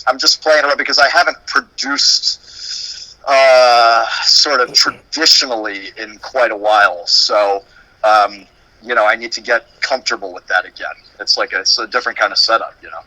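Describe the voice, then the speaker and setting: Bright, playful man musician. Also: mid-range voice, steady tone, moderate pace, no room sound, rough recording. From Dallas. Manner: loose, playful, swears freely. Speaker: musician guest. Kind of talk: casual chat.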